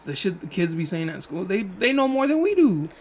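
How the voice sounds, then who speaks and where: A woman's voice: medium pitch, big pitch swings, a little fast, a little mellow, a little hiss or hum. A woman co-hosting a casual chat, blunt and gossipy, swearing freely.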